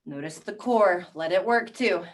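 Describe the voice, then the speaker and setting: A woman leading a strength workout, counting down reps and calmly coaching each move. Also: lowish voice, a little slow, distant mic. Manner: encouraging counting cues, calm coaching. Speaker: fitness instructor. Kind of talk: guided workout class.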